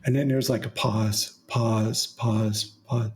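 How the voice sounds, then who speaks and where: A man's voice: lowish voice, takes it slowly, few pauses. A man hosting a casual podcast chat, telling stories at an easy pace with plenty of fillers. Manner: relaxed storytelling with frequent fillers. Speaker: podcast host.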